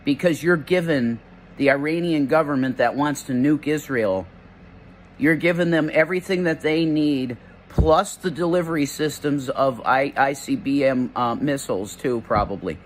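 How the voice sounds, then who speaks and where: A man's voice: a little high, normal speed, slight background noise. A man ranting indignantly to the camera, stammering and rambling. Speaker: online commentator. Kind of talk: ranting vlog address.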